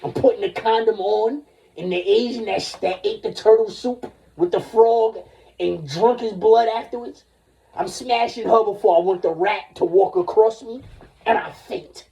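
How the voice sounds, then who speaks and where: A man's voice: high-pitched, moderate pace, creaky, mellow, distant mic. A man in his forties ranting in a rambling, profane way on a livestream, jumping between topics. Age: 40s.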